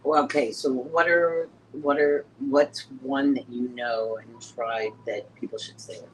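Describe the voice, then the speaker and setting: A woman's voice: rumbling low, fairly even intonation, unhurried, slight background noise, poor audio. A woman hosting a casual chat, bubbly and enthusiastic. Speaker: host.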